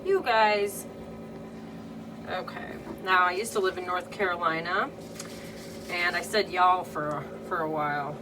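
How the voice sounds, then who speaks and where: A woman's voice: lowish voice, fairly even intonation, normal speed. A woman from the Midwest with a Midwestern accent, chatting casually through a DIY restoration project and talking straight to her viewers. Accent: Midwestern American. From American Midwest. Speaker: DIY crafter. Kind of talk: casual how-to narration. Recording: distant mic with room noise.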